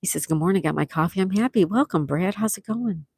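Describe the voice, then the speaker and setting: Chatty gravelly woman reading comments. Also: lowish voice, fast, a little mellow, dry recording, low-quality recording. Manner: chatty, reads viewer comments aloud and answers them. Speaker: livestream host. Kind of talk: casual livestream chat reading comments.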